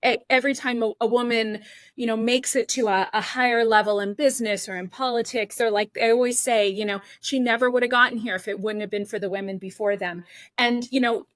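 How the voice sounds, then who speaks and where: A middle-aged woman hosts her podcast in a voice that sits a little high, musing aloud and restarting her sentences as she goes. The sound is close and dry. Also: steady tone, fairly quick, no room sound. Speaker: podcast host, former cooking show contestant. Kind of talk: casual interview chat.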